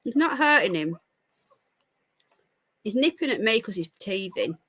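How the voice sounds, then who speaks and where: A woman's voice: mid-range voice, very animated, a little slow, bright, forceful tone. A woman hosting a casual live stream, talking to her pets in cooing baby talk. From United Kingdom. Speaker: livestream host.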